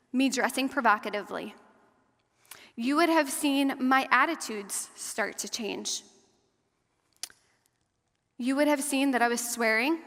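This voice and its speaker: A fairly high-voiced woman, a guest speaker and survivor advocate, gives a personal testimony to an audience in a large hall or church. Her delivery is earnest and measured, slowing and softening at hard moments, with long hall reverb around her.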